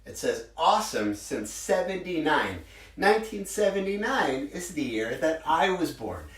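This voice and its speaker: A man's voice: a little high, big pitch swings, measured pace, fairly bright tone, far from the mic. Forties guy, preschool teacher, cheery kid-talk, roomy echo, a bit off mic, guitar around. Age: 40s. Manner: upbeat, simple words for small children. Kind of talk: virtual circle time for young children.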